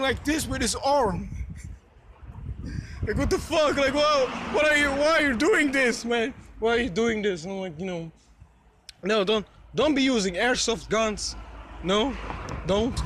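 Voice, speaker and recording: A man's voice: high-pitched, a little hiss or hum. A young man telling a story to the camera in a rambling, casual way, full of fillers, restarts and frequent laughs. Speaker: vlogger.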